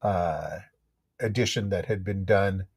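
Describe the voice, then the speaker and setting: A man co-hosting a casual car talk stream, chatty and quick to laugh. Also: low-pitched, darkish tone, husky. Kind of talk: casual chat.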